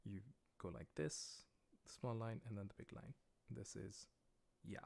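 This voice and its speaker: Low-voiced American man teaching a livestreamed lesson. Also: fairly even intonation, measured pace, gravelly, darkish tone. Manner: patient, plain explanations with frequent "uh" and "um". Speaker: language teacher. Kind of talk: livestreamed lesson, explaining as he writes. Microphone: livestream microphone.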